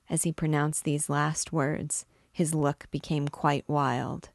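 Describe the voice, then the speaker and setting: A woman reading a classic novel aloud in a measured, unhurried way. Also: deep voice, flat delivery, no echo, studio quality. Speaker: book discussion host reading aloud.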